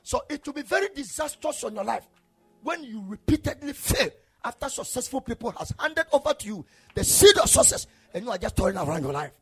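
A male preacher delivering an impassioned sermon, swinging between shouted declarations and low murmurs. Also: very animated, brisk, faint music behind.

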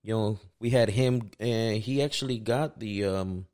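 A man's voice: fairly low pitch, measured pace, a little mellow. Laid-back slangy podcast host, man. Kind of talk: casual chat.

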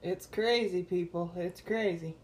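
A woman co-hosting a podcast in casual chat, hesitant and filling pauses with "um". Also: fairly low pitch, darkish tone. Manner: slow, hesitant, many ums. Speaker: podcast co-host.

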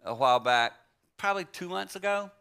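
A man in his sixties preaching a story-driven sermon in a conversational way, moving between hushed and emphatic. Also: high voice, expressive, fairly quick, creaky, clean tone. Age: 60s.

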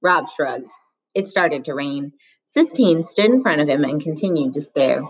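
Low-voiced woman reading a children's novel. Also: animated, a little slow, husky, low-quality recording. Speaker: reader. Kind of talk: audiobook narration.

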